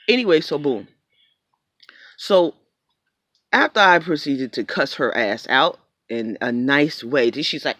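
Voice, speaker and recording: A man's voice: fairly high pitch, fairly bright tone, no room sound. A man vlogging about his small business, telling a story in a casual, profane rant with acted-out quotes.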